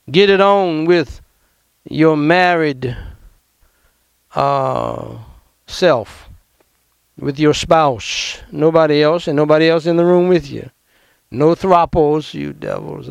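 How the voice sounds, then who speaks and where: A man preaching a fiery sermon as pastor, emphatic and confrontational, with sudden loud outbursts. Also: on the high side, gravelly, clear, resonant tone, no room sound, clean studio sound.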